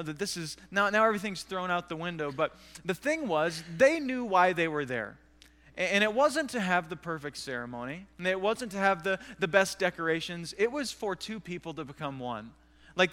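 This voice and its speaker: A pastor telling a self-deprecating story in an animated way during a sermon. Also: male voice, sits high, big-room sound. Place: church sanctuary.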